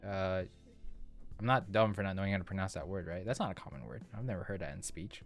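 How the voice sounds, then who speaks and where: A man's voice: sits low, fast, faint music behind. A man reading a dating visual novel aloud, breaking off for playful, joking asides. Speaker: let's player.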